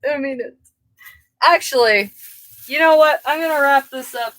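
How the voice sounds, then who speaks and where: A woman's voice: sits high, moderate pace, a bit bright, no room sound, low-quality recording. A woman giving a casual live tarot reading, rambling and easily sidetracked. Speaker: tarot reader.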